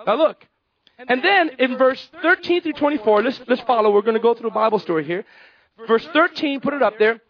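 A male pastor preaching a sermon, animated, repeating phrases and acting out Bible characters. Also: extremely high pitch, brisk, highs cut off.

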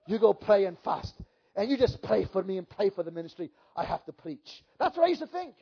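A man, a pastor, giving a sermon testimony and telling his story with swings from hushed to loud. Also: high-pitched, vocal fry, breathy edge. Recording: dull lo-fi sermon recording.

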